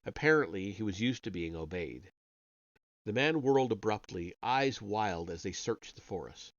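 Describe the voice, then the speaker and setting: A man reads a story aloud on a live stream in a lowish, expressive voice at normal speed, with no room sound. He gives the characters' dialogue only light voicing and now and then slips and restarts, all through a dull, lo-fi home mic.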